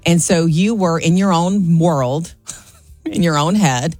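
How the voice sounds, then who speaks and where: A woman's voice: lowish voice, slow, no echo, faint music behind. A woman co-hosting a morning radio show, telling a story in casual banter and acting out what people said, laughing often. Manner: animated storyteller who acts out quotes and laughs often.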